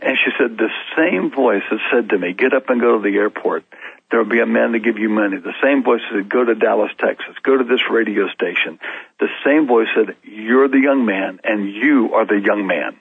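A man's voice: fairly low pitch, brisk, gravelly, breathy edge, dry recording. A man telling his story as a guest on a talk show, with frequent restarts and laughs in between. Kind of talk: storytelling interview answers. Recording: narrow, phone-like dry sound.

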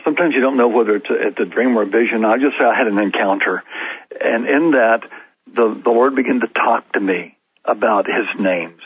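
A man's voice: medium pitch, a little fast, breathy edge, no echo. A man telling his story as a guest on a talk show, with frequent restarts and laughs in between. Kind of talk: storytelling interview answers. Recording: narrow, phone-like dry sound.

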